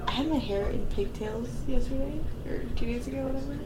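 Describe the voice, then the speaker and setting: A young woman co-hosting a casual podcast who laughs loudly and often and swears freely while chatting about a movie. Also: sits high. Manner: loud, giggly, swearing, quick bursts of laughter. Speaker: podcast co-host. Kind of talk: casual chat watching a movie. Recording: echoey room with faint hiss.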